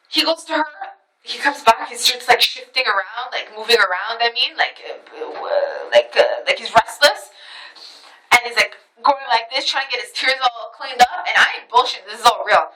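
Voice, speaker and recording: A woman telling a personal story to camera in a casual, animated way, swearing freely and acting out what others said. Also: fairly high pitch, low-quality recording.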